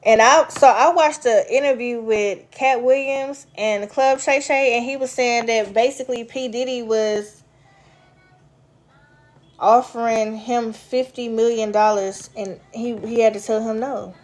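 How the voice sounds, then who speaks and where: A woman's voice: a little high, steady tone, a little slow. A woman chatting casually with her viewers, rambling from story to story and answering their comments. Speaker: vlogger. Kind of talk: casual live chat with viewers.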